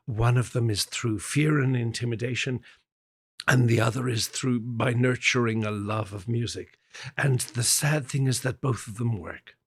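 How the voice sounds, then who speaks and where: Irish-born male guest, gravelly and husky, animated anecdote teller, middle pitch. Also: moderate pace. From Ireland. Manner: lively anecdotal telling with quoted voices. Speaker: guest pianist. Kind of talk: storytelling in an interview.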